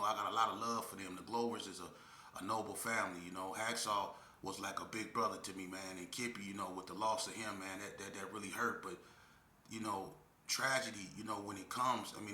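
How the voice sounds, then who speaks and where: Man storytelling casual, lively then quiet and sad, roomy echo. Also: slight background noise. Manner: animated, drops low and slow when grieving. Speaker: storyteller vlogger. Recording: echoey room.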